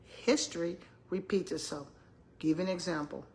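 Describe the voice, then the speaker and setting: A woman's voice: lowish voice, moderate pace. An older woman, chatting casually to her viewers, telling stories with lots of laughter. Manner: animated storytelling, laughs often, addresses viewers as y'all. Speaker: retired school principal vlogger.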